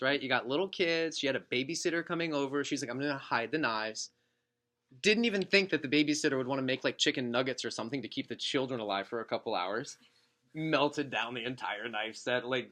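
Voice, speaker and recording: With a medium-pitched voice, the district manager fires up his sales team with a motivational talk before an audience in a meeting room. He tells animated stories, performing the quotes and adding jokes.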